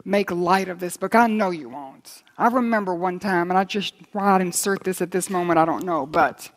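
A woman preaching a sermon in an emphatic way. She slows down for stress and lifts her voice when she reads scripture aloud. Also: fairly low pitch. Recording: long hall reverb.

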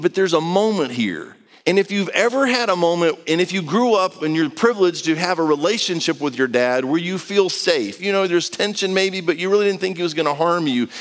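A man's voice: sits high, fairly bright tone. Conversational man preaching in a reverberant hall. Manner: conversational preaching with acted-out quotes. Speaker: pastor. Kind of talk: sermon.

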